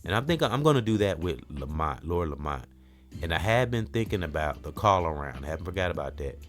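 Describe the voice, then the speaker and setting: Very low-voiced man musing rambly. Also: very animated, quick pace, faint music behind. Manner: rambling, reflective, full of "you know". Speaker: podcast host. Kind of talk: casual spiritual talk.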